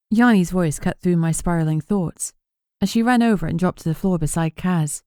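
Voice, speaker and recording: A woman reading an audiobook in measured, even scripted narration on a close mic. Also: fairly low pitch, dry recording.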